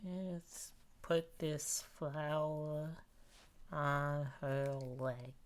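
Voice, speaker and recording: Sleepy low-voiced woman rambling while drawing. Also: steady tone, extremely slow. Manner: sleepy, rambling, breaks into joking freestyle raps. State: sleepy, yawning. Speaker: streamer drawing live. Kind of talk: casual stream chatter.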